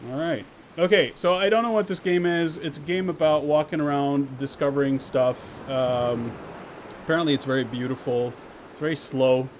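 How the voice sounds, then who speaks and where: A man's voice: a little high, moderate pace, a little hiss or hum. A man streaming a game live, chatting playfully and answering his viewers as he plays. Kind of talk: live-stream gameplay commentary.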